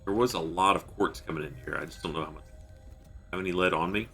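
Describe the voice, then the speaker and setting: A man's voice: sits low, fast talker, fairly bright tone, faint music behind. A man streaming a video game, thinking aloud as he plays and stopping to answer his chat. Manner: thinks aloud and mutters while playing; reads out chat messages. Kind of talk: live game-stream commentary.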